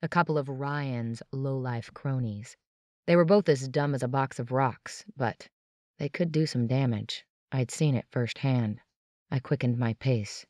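A woman's voice: extremely low pitch, a little mellow, no echo, clean studio sound. A woman narrating a tense, dramatic first-person audiobook.

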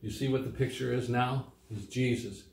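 A children's Sunday school teacher reads scripture to young kids and explains it in simple, plain words, lifting his voice on quoted lines. His voice is medium-pitched, gravelly and darkish, with a steady tone and moderate pace. The room is echoey.

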